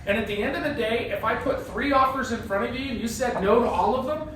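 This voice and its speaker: A man running a casual real estate training workshop, animated and joking, often asking "right?". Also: very high-pitched, quick pace. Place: classroom with a group. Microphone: phone camera from across the room. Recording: very echoey room, distant, faint hiss.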